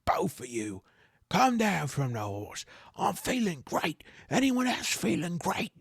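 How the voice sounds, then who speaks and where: A boisterous male knight trainer, loud and theatrical in his praise and scolding, as a man puts him on for a tabletop game. The voice sits well above a man's usual range, with a gravelly edge. It sounds dry and close. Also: a little high, very animated, slow, no room sound, voice pushed up, full character voice. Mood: lecturing. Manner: exclaiming, hearty and theatrical.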